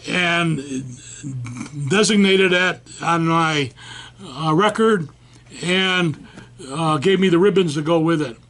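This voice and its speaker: An older man being interviewed about his time in the service, spinning a lively story. He acts out what everyone said, his voice sitting fairly high for a man. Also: takes it slowly. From United States. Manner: animated storyteller acting out quoted voices. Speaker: veteran interviewee. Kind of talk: telling a war-era anecdote.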